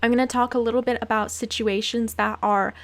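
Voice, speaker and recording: A woman's voice: on the high side, little pitch movement, a little fast. A young woman in a casual vlog, speaking with indignant passion and repeating phrases for emphasis. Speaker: vlogger, former cruise ship worker. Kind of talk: casual to-camera talk.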